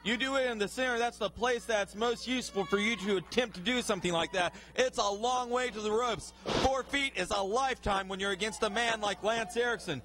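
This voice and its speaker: A man calling a professional wrestling match, excitable and building to shouts at the big moves. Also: sits high, fairly quick, hardly any pauses. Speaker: wrestling commentator. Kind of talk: play-by-play wrestling commentary.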